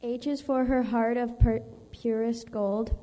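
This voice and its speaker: A woman's voice: a little high, fairly even intonation, a little slow, dark tone. Woman reciting a poem in a hall. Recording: church hall reverb.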